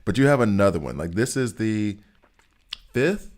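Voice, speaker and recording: A middle-aged man streams a game live, chatting away, ribbing his chat readers and reacting to what happens on screen as he talks to viewers. His lowish voice is very animated and a little mellow, at a normal speed.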